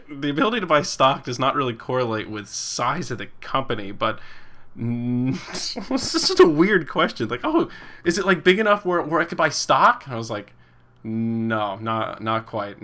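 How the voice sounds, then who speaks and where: A young man in his twenties chats loosely on his own podcast, reacting to viewer comments as they come in. His voice is bright and forward, and he rambles, chuckles and slips into quick impressions of the people he quotes. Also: mid-range voice. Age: 20s. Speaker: podcast host and esports caster. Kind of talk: casual chat reading live chat.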